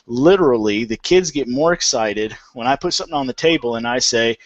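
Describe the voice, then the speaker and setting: A man's voice: mid-range voice, expressive, fairly quick, no room sound, highs cut off. Folksy man hosting a homestead chat. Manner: conversational, folksy, many restarts. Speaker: homesteading panel host. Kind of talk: casual panel discussion.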